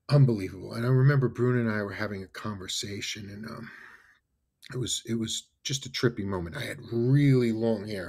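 A man in his fifties from New York, a podcast guest telling animated stories and often adding "right?" and "you know". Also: fairly low pitch, husky. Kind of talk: casual storytelling interview.

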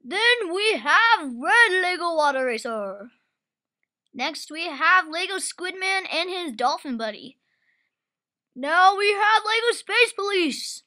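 A woman commentating a home-made toy race, full of excited exclamations. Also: very high voice.

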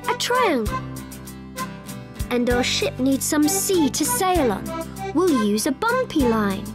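Friendly cartoon monster, acted, high bouncy voice, very slow, loud accordion music behind. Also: very animated, exaggerated voice. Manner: cheerful, slow step-by-step drawing instructions. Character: friendly young drawing monster. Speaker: drawing guide. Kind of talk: children's cartoon voice acting.

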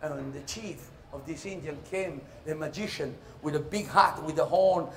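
High-voiced man telling a comic tale. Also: moderate pace. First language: Italian. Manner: animated storytelling, jumps into shouted voices and laughter. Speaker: stage performer. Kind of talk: theatrical comic monologue.

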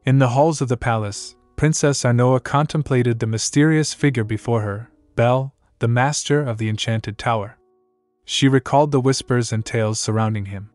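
Narrating the recap, a man reads in an even, measured way at a mid pitch. His voice is close and completely dry, with faint music playing underneath. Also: no room sound. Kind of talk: scripted story recap narration.

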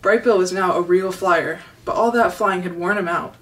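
A woman reads a children's chapter book aloud in a steady, gentle storytelling voice. She sits a little back from the microphone, so the sound has some distance. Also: lowish voice, moderate pace. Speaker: storybook reader. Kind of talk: reading a children's novel aloud.

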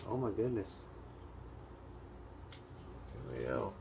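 Slow-talking low-voiced zookeeper. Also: male voice, fairly even intonation, background noise. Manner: chatty and joking, with sudden loud playful outbursts. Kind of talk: live commentary on a snake feeding.

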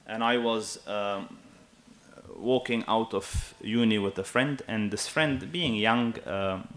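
A man in his thirties preaching a sermon in an animated, emphatic way, often checking with his listeners. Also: fairly low pitch, takes it slowly. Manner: animated and emphatic, with asides to the audience.

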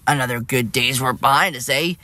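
A man's voice: medium pitch, fairly quick, bright, forceful tone. A man voicing a smug, bossy male diesel engine with an oily, mocking way of talking.

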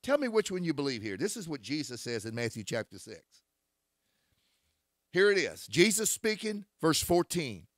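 A man preaching a critical sermon, quoting scripture and building to forceful outbursts. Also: a little high, big pitch swings, normal speed, dry recording, studio quality.

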